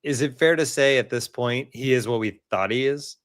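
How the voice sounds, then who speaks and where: A man's voice: mid-range voice, normal speed, no echo, clean studio sound. A man hosting a sports podcast, easygoing as he moves the talk to the next segment. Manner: steers the talk, easygoing segues. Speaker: podcast host.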